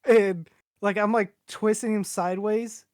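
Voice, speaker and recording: A man's voice: high voice, steady tone, unhurried, darkish tone, no echo, clean studio sound. A young man telling a long personal story on a podcast in a casual, rambling way, swearing freely and acting out what everyone said. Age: young adult. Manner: rambling, profane, acts out quoted voices.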